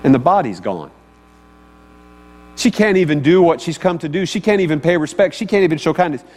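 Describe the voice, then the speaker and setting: The preacher's voice is a little high and darkish, animated and slightly fast. He keeps his sermon conversational, frequently turning questions to the audience, heard through long hall reverb and a faint mains hum.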